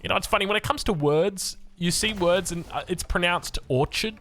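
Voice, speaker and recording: A man's voice: high voice, a little fast, pushed and bright, slight background noise. A man with an Australian accent giving casual, rambling commentary over a strategy game, with chatty asides. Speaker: game caster and coach.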